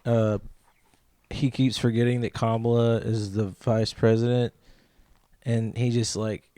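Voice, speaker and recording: A man co-hosting a crude comedy podcast, telling jokes in a deadpan way. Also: medium pitch, measured pace, no echo. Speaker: podcast co-host.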